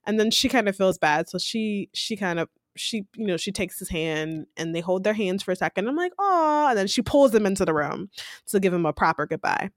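A woman's voice: mid-range voice, expressive, brisk, no echo, clean studio sound. Chatty woman recapping a show. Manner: chatty, laughs often, acts out quotes. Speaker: podcast co-host. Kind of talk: casual recap chat.

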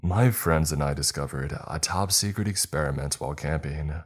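A man narrating a first-person scary campfire story in a steady, scripted storytelling manner. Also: very deep voice, normal speed, breathy edge. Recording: faint music under the voice.

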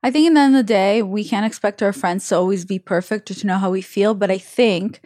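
A woman hosts a relaxed talk show and speaks frankly with her guest. She gives advice and acts out what people said in her stories. The sound is dry and close-miked. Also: mid-range voice, fast talker, no room sound. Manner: frank, advice-giving, acts out quoted dialogue. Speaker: podcast host. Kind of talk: casual chat.

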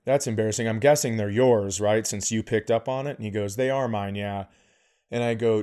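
A man's voice: fairly low pitch, darkish tone. A man co-hosting a podcast, telling a story in casual chat, acting out the quotes and swearing a lot. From American Midwest. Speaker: podcast co-host, comedian.

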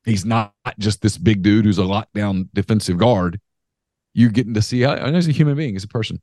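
A man co-hosting a sports podcast, telling stories in an animated, emphatic way. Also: fairly low pitch, fairly quick, no room sound. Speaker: podcast co-host. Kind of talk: casual sports talk.

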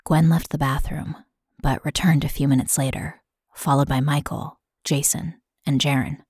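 A woman podcast host reading a scripted true crime narration in a steady, matter-of-fact way. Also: sits low, moderate pace, breathy edge, no echo, clean studio sound.

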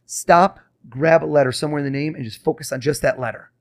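A man who is a mentalist guest on a podcast, running a mind-reading trick with quick, insistent showman patter. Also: fairly high pitch.

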